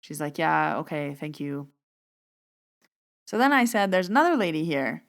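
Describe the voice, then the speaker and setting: A woman's voice: sits low, sing-song, moderate pace, gravelly. A woman podcast host casually recounting a conversation, acting out both sides of the dialogue in a chatty way. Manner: chatty, retells dialogue with "I was like". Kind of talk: casual storytelling monologue.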